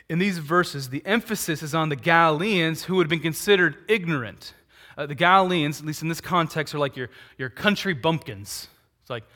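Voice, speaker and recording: Here a pastor with a fairly high voice preaches at normal speed, full of animation. Rhetorical questions get answered in turn, and his delivery shifts between loud emphatic bursts and hushed asides.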